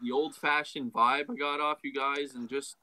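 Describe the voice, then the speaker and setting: A young man from Canada chatting as a guest on a livestream, friendly and relaxed, using lots of filler words. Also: medium pitch, moderate pace. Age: young adult. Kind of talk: casual chat. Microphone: livestream video call.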